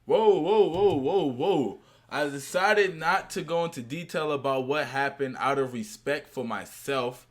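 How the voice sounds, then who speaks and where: A man hosting a reaction video, commenting casually and breaking in with exclamations. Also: mid-range voice. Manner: animated, exclaims and interrupts.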